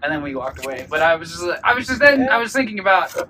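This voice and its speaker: A man's voice: on the high side, big pitch swings, fast, bright, forceful tone, recorded from a distance. A man co-hosting a podcast, telling stories in a crude, joking way from a moving car. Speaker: podcast co-host. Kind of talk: casual storytelling chat. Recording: noisy car interior.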